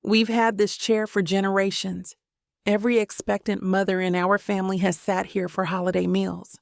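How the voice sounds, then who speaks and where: A doting mother in her later years, soon to be a grandmother, who fusses kindly and won't take no, read by a woman narrator. Her voice is a touch gravelly and close to the mic. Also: mid-range voice, level tone, moderate pace, no room sound, lightly acted. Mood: fond. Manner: gently bossy, caring.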